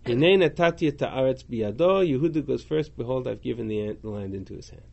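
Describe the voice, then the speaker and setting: A man's voice: mid-range voice, fast talker, gravelly, dull audio. A man leading a class on a religious text, reading the original phrases aloud and then translating and questioning them. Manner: animated, reads Hebrew and Aramaic then translates. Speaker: Talmud class teacher.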